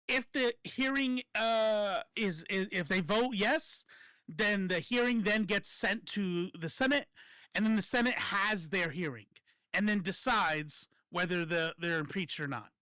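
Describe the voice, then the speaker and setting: Bright high-voiced man ranting casually. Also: measured pace, no room sound. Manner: rambling, profane, stops and restarts often. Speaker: political commentary streamer. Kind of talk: casual political commentary.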